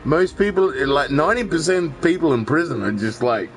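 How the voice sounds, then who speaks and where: A man's voice: fairly high pitch, animated, fairly quick, hardly any pauses, slight background noise, poor audio. A man, chatting casually and rambling while he plays a video game, swearing freely and often restarting his sentences. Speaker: gaming streamer. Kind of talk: casual chat while gaming.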